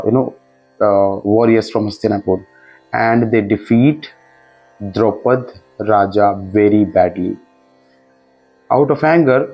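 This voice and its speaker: A man's voice: on the low side, darkish tone, poor audio. Man teaching scripture patiently. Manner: patient, explaining word by word with thinking pauses. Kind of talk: explanatory lesson narration.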